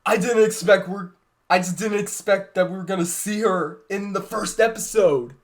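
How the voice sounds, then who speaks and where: A man hosting a fan reaction video, gushing and shouting with excitement over the show he is watching. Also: sits high, moderate pace.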